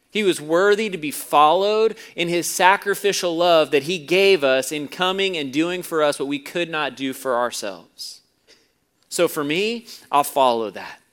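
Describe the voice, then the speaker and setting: A man preaching to a congregation, his voice a little higher than most men's. He moves between hushed, low stretches and loud, emphatic ones, and tells stories with relish. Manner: storytelling preacher, swings from quiet to loud. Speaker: pastor. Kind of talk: sermon.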